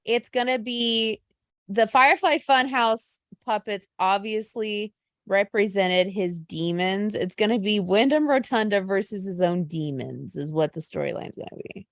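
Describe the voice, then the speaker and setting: A woman's voice: medium pitch, a little slow, no echo, clean studio sound. Gushing woman chatting on a podcast. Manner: gushing, animated storytelling. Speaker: podcast co-host. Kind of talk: casual chat.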